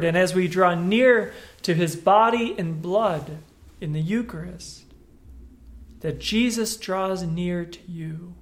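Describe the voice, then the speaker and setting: Conversational pastor preaching with emphasis. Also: male voice, high voice. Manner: conversational, emphatic, animated retellings. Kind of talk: sermon.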